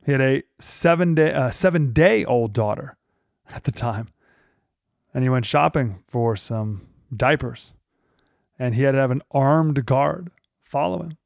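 A man with a gravelly, creaky voice leads a Bible teaching talk as a radio host. He speaks with emphasis and slows down to stress key phrases. His voice is recorded close and dry, with no room echo. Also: mid-range voice.

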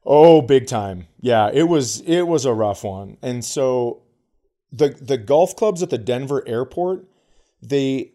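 A Midwestern American comedian co-hosting a podcast tells a story in casual chat, his voice mellow and medium-pitched. He acts out the quotes and swears a lot.

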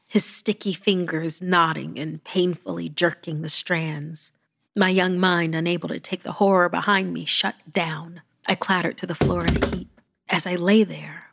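A woman narrating a horror story in a hushed, often whispered and dramatic way. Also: lowish voice, gravelly.

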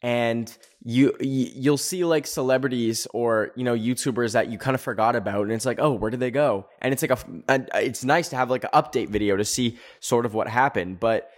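Profane, animated young man ranting. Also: fairly quick, hardly any pauses. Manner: animated, profane, sarcastic, pitch leaping up on emphasis. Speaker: podcast host. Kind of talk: casual ranting commentary.

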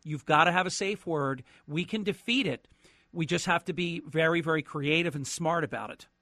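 Emphatic bright-voiced radio host man. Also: a little high, moderate pace, no room sound, clean studio sound. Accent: New Jersey. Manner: emphatic, animated, repeats words when excited. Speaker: radio talk show guest host. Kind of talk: call-in radio talk. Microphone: studio microphone.

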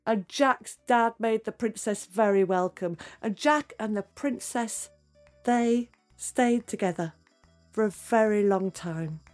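A woman storyteller telling a fairy tale to children, lively and dramatic, dropping to hushed tones for suspense. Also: mid-range voice, slow pace, faint music behind.

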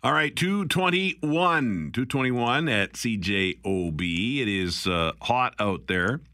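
A man hosts talk radio with a chatty, wry manner. His voice is bright and forward, recorded close on a dry studio microphone. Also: mid-range voice, animated, takes it slowly, no echo. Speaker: radio host.

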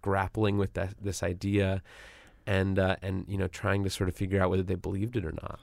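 Guest journalist, man, deep and gravelly, casual and halting, dry booth sound. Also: completely flat delivery, darkish tone, dry recording. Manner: halting, many fillers and restarts. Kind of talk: casual interview conversation.

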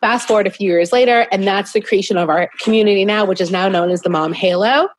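A woman's voice: medium pitch, fast, slight background noise. A woman in her thirties, a business founder, telling her story as a guest in a casual interview from her home in a candid, chatty and self-deprecating way.

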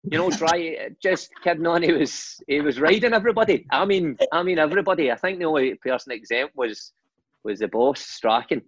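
Husky Scottish man telling stories. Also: on the high side, a little fast, dry recording, lo-fi sound. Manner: animated anecdotes, laughing and swearing. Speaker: guest, former footballer and manager. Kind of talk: casual storytelling chat.

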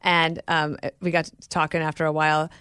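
A woman's voice: low voice, little pitch movement, fairly quick, a bit bright, clean tone, no room sound, clean studio sound. A woman hosting an interview podcast, chatting in a friendly way and telling stories and jokes. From rural area. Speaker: podcast host. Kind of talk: casual interview chat.

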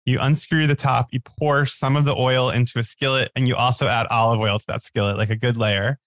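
A man's voice: medium pitch, little pitch movement, brisk, fairly bright tone, no room sound. Chatty man telling food stories, dry close sound. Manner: chatty storyteller, many likes and restarts. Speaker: podcast guest. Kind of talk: casual chat.

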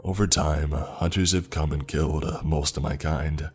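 An ancient, eyeless forest monster speaks in a cavernous, extremely deep voice, as a man puts it on for a story. The tone is gruff and husky, with a cruel, gloating menace, and faint music sits behind it. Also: steady tone, a little slow, exaggerated voice. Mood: solemn. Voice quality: dark and gruff. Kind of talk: storytelling narration.

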